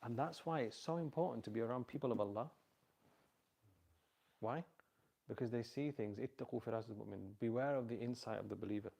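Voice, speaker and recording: Creaky, husky man giving a talk. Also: medium pitch, brisk, long pauses. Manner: conversational, quizzes the audience with repeat-back questions; storytelling with animated quoted voices. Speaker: speaker giving a talk on parenting. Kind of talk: informal religious talk. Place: venue with a live audience.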